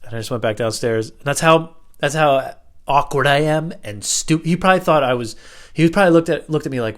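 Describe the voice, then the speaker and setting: A man's voice: fairly high pitch, a little fast, a bit bright. A young man hosts his own podcast solo, drifting from one work story to the next. He talks in a loose, unpolished way, full of fillers and casual swearing, and pokes fun at himself as he goes. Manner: casual, swearing, self-deprecating anecdotes with lots of fillers. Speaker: podcast host.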